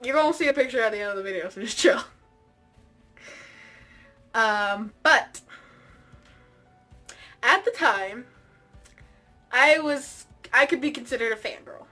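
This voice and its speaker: A young woman telling a comic personal story in a vlog, dramatic and excitable, often raising her voice for effect. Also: a little high, a little slow, long pauses, soft background music. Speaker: vlogger.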